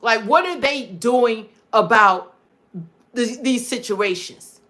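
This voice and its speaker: Speaking slowly in a slightly high voice that sounds pushed and bright, this woman hosts a political commentary livestream. Her delivery is emphatic and preachy, and she keeps repeating her points.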